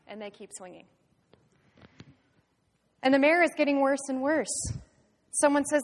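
Animated woman retelling a story. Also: sits high, unhurried, long pauses, big-room sound. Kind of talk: storytelling lesson.

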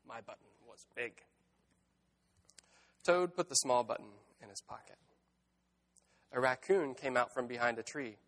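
A man giving a sermon in a reflective, unhurried voice. He reads aloud from a storybook and then draws lessons from it, slipping in gentle wordplay along the way. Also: medium pitch, expressive. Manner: reflective, gently wry, with word-play asides. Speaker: pastor.

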